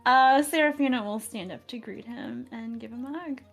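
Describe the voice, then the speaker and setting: A woman's voice: on the high side, expressive, moderate pace, soft background music. A woman playing her character in a tabletop game, in a light, wry way. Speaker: player. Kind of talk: in-character tabletop role-play.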